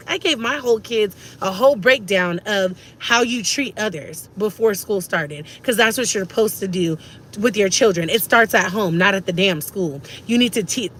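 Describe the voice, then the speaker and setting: A woman's voice: medium pitch, fairly bright tone. A woman, ranting emphatically to camera as a vlogger and repeating herself for stress.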